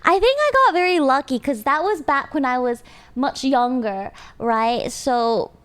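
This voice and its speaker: A young adult woman streamer in casual chat with her viewers, animated and giggly. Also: high-pitched, a little slow, clear, resonant tone. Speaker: live streamer.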